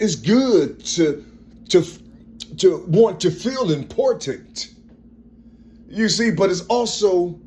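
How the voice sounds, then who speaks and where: A man in his fifties with a strong, forceful tone, talking in a rambling personal monologue and repeating phrases as he searches for words. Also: high-pitched. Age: 50s.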